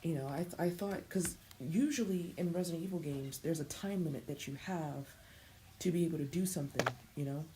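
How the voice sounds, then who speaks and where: Brief: young female streamer, lowish voice with fry, casual live commentary, faint noise behind. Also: brisk, dark tone, rough recording. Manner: stammering, talks to chat.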